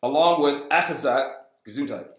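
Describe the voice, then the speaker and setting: A man hosts a casual Bible reading show at normal speed in a slightly bright voice, reading aloud but breaking in with jokes. He acts out the story's people in goofy high voices, and the sound is roomy.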